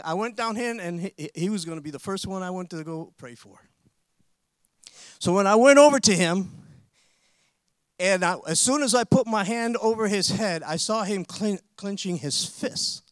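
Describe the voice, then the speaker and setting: In a close, dry recording with almost no room echo, a high-voiced man preaches a sermon. He tells a story animatedly, building up to forceful proclamations.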